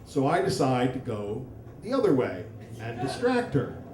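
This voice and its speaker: A man's voice: medium pitch, big pitch swings, a little slow, darkish tone, a little hiss or hum. Man telling a wry story in an echoey hall. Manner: wry, self-mocking humor. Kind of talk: live comic storytelling. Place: stage in a hall, live audience. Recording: roomy hall, mic from far off.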